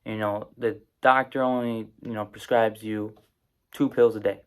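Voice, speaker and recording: A man's voice: fairly low pitch, little pitch movement, moderate pace, clean tone. A man giving an informal spoken explainer, casual and rambling, with many fillers and restarts. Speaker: presenter explaining psychoactive drugs.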